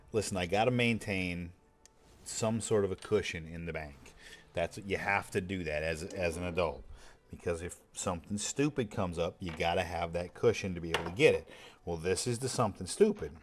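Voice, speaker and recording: A man chatting casually while streaming a game, rambling and swearing freely in a laid-back way. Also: sits low. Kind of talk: casual chat while gaming.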